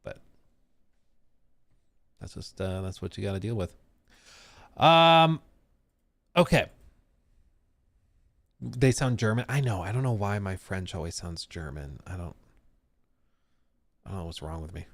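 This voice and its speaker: A man's voice: lowish voice, expressive, slow pace, pauses often, no echo, studio quality. A man hosting a casual live stream, chatting in a rambling, self-deprecating way with lots of fillers. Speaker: streamer and games reviewer. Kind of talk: casual live-stream chat, reading out chat comments.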